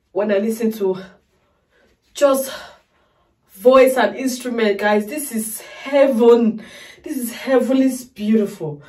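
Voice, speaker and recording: A woman's voice: a little high, warm tone, distant mic. A woman hosting a music reaction video, tearful and overwhelmed, gushing and repeating her exclamations to her viewers. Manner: effusive, repeats exclamations, keeps calling viewers "guys". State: tearful, crying. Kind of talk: emotional reaction vlog.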